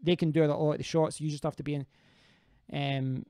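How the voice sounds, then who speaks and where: A man's voice: on the high side, flat delivery, brisk, dark tone, clean tone, no room sound, clean studio sound. A man hosting a casual live stream, rambling as he answers viewers' comments and often restarting his sentences.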